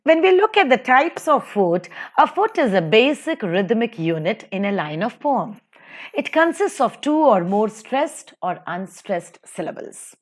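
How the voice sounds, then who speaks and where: A woman's voice: on the high side, big pitch swings. Woman teacher with an Indian English accent, bouncy rising-and-falling lecture delivery. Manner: sing-song stressed delivery, slow recitations of verse. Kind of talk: lecture over slides.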